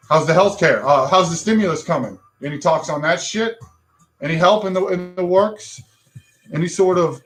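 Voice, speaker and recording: A man's voice: fairly high pitch, expressive, moderate pace, soft background music. A man hosting a livestream talk show, ranting bluntly with frustration and swearing.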